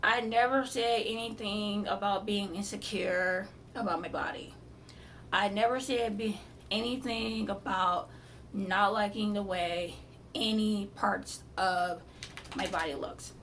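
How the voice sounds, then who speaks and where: A woman with a gravelly, fry-edged voice tells a storytime vlog, exasperated and blunt, now and then swearing. She sits a little off the mic, and a faint hum of background noise runs under her voice. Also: medium pitch, fairly even intonation, slow, fairly bright tone, recorded from a distance. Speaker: vlogger telling her surgery story.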